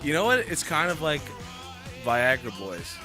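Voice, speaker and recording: A man's voice: fairly high pitch, big pitch swings, unhurried. A man co-hosting a casual music podcast, laughing often and trailing off with fillers. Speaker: podcast co-host.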